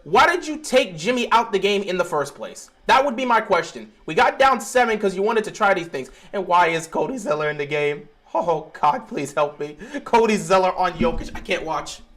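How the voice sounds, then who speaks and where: A young man reacting live to a game on his stream, his voice pitched high and leaping all over the place. He talks excitably, drops into mumbled pleading, then bursts into shouts. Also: moderate pace, few pauses.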